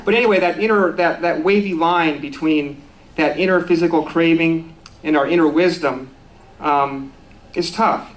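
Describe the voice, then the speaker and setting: A man's voice: fairly high pitch, moderate pace, low-quality recording. A man giving a conversational sermon at a spiritual center, easygoing and self-deprecating, with restarts and small laughs.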